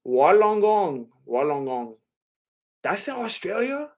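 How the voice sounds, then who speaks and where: A young man chats loosely on a livestream, his voice sitting a little high for a man. He rambles and hesitates, trailing off into fillers and starting his sentences over. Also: normal speed. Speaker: livestream host reading chat. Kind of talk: casual livestream chat.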